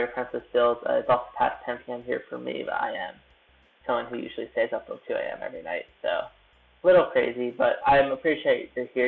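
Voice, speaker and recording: Speaking at a medium pitch with a creaky quality, this young YouTube creator chats loosely during a hotel-room live stream. He wanders from topic to topic and runs himself down as he edits, all captured in thin, phone-like sound.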